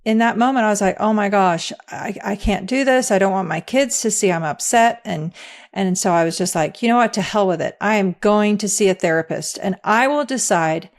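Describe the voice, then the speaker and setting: A woman's voice: mid-range voice, a little fast. A middle-aged woman, an interview guest, speaking candidly and reflectively, often breaking into laughter.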